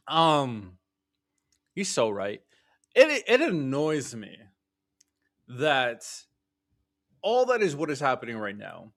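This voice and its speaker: A man streaming live reaction commentary on politics, ranting heatedly and profanely and mocking people in impressions. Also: on the high side.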